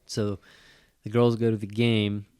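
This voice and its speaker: Speaking in a lowish, clear, resonant voice at an unhurried pace, a middle-aged podcast co-host spins an animated, profanity-heavy story on a casual chat show, acting out the quotes. The clean studio sound has no echo.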